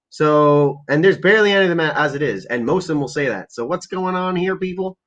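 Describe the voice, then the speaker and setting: A man's voice: on the high side, brisk, hardly any pauses, a bit bright. A man ranting crudely and rambling on a casual livestream while stoned, as he sets up prank calls. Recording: lo-fi muffled recording.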